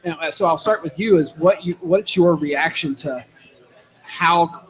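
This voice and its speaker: A man's voice: fairly high pitch, a little slow, low-quality recording. A young man co-hosting a casual fan podcast, rambling with restarts and laughs. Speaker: podcast co-host. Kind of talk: casual chat.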